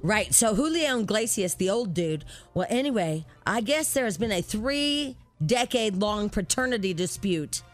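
A woman co-hosting a talk show, chatting casually and telling celebrity gossip in an animated storytelling way. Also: medium pitch, normal speed, hardly any pauses, soft background music.

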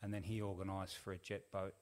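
A middle-aged man, a podcast guest telling a long story in a relaxed, rambling way full of fillers. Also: low voice, a little fast. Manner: rambling, laid-back, lots of fillers. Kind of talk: casual storytelling.

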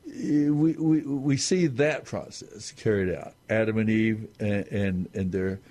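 A man explaining scripture on a talk show in a halting, measured way with many restarts. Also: fairly low pitch, warm tone. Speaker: Bible teacher on a talk show. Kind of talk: unscripted Bible discussion.

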